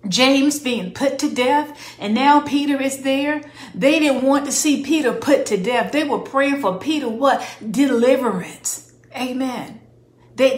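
Woman preacher, high voice, call-and-response delivery, roomy echo. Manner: call-and-response questions, emphatic declarations. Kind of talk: sermon.

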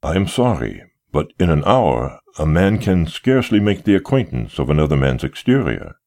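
A man reading the lines of a polite, unhurried man who calmly keeps a guest from leaving. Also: a bass voice, heavily acted. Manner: courteous, unhurried, unmoved.

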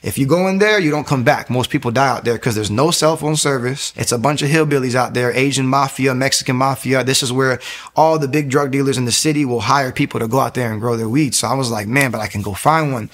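Casting: young man, mid-pitched, fast animated personal testimony, stumbling restarts. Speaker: testimony speaker.

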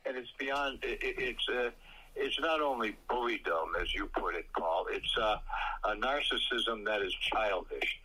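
A man talking politics on a radio show as a co-host, halting with many uhs but blunt in his opinions. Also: on the low side, bright, forceful tone, slightly rough, poor audio. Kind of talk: casual political talk.

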